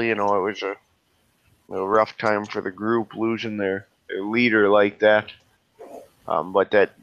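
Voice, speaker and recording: A man narrating as game master, speaking in a halting way with many fillers and restarts. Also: on the low side, fairly bright tone, no echo, muffled recording.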